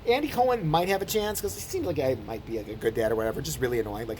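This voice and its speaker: Fast-talking ranting man. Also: mid-range voice, slight background noise. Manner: animated, swearing, sarcastic. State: tired from little sleep. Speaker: vlogger. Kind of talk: profane comedic rant.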